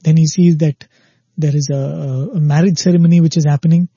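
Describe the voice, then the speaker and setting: A man gives a spiritual talk in a husky, very mellow voice, pitched a little high for a man. He tells a parable at an easy pace and acts out its quoted lines. The recording is dull, lo-fi and dry. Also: steady tone, a little fast, no echo. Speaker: spiritual speaker. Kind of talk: spiritual discourse with storytelling.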